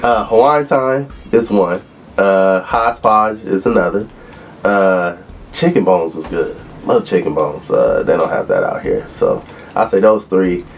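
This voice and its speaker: A man in his thirties from Los Angeles, a former college football player, relaxed as he tells stories in an interview. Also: low voice, measured pace, gravelly, slight background noise. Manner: relaxed storyteller who acts out quotes. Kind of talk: interview reminiscing.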